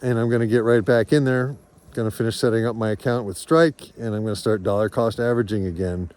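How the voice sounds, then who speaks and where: A man's voice: on the low side, steady tone, fast, darkish tone. A man telling a candid personal story in a rambling, earnest and reflective way, as a farm vlogger.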